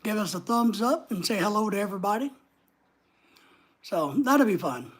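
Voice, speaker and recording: A man's voice: high voice, big pitch swings, moderate pace, breathy edge. A man with a neutral American accent hosts a casual livestream, rambling as he reads viewer comments aloud and answers them. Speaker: livestream host.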